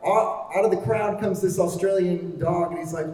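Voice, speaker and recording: A man's voice: sits high, steady tone, moderate pace, a little mellow. A man presenting at a convention panel, talking in an enthusiastic, explanatory way. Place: large convention hall. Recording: echoey hall from far off.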